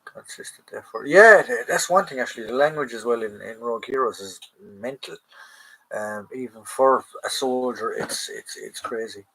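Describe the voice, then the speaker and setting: A man's voice: medium pitch, moderate pace, gravelly, a bit bright, slightly rough, low-quality recording. Male stream host, casual live chat, rambling delivery full of fillers. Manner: rambling, many fillers and restarts.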